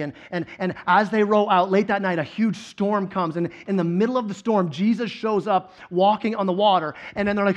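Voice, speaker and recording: A male guest preacher delivering a sermon, telling the story with animated swings between loud excitement and quiet intensity. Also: sits high, fairly quick, hardly any pauses.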